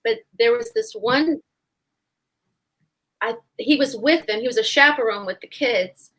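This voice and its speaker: A woman with a somewhat high voice tells a stage story with animation. She acts out the voices of the people in her anecdote, chatting the way performers do in a live online talk. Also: a little slow, a bit bright, slightly rough, poor audio. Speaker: stage actress.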